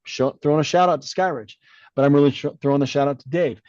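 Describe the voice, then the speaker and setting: Animated middle-aged man telling a story. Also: a little high, quick pace, no room sound, highs cut off. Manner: animated storyteller who acts out quoted dialogue; blunt, swears casually. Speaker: podcast co-host. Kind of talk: casual storytelling chat.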